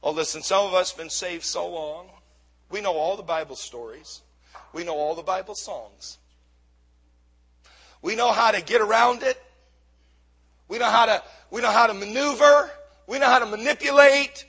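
A man preaching a sermon, fervent, swinging between shouts and hushed asides. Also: high voice, normal speed, vocal fry, long pauses, slightly rough. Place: church service.

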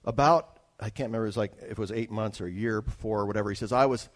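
A man with a fairly low voice talks at a rapid-fire pace. He's a traveling evangelist from Alaska, United States, sharing his personal testimony conversationally, restarting sentences and tossing asides to his listeners.

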